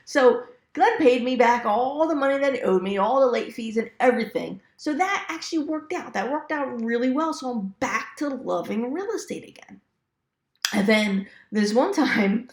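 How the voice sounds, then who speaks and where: A woman's voice: on the high side, animated, normal speed, reverberant. A woman telling real estate stories in a casual, chatty way, laughing often and acting out quoted asides. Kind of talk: casual storytelling to camera.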